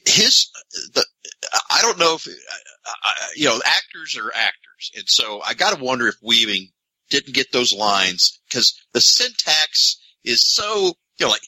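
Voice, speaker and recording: A man's voice: medium pitch, pushed and bright, slightly rough, rough recording. A man co-hosting a movie podcast, rambling and restarting as he thinks aloud. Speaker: podcast co-host. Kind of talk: casual podcast chat.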